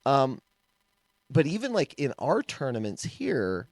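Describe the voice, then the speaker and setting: A man co-hosting a casual podcast, an animated storyteller who laughs often and trails off and restarts. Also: mid-range voice, measured pace, no echo. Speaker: podcast co-host, martial arts instructor.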